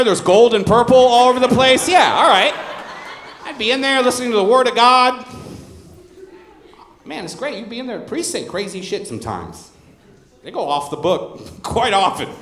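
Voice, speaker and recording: A man in his thirties doing a stand-up comedy set on a club stage with a handheld mic, telling stories in a deadpan way with crude asides. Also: very high-pitched, moderate pace, long pauses. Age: 30s. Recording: roomy club sound with faint crowd noise. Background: audience laughter.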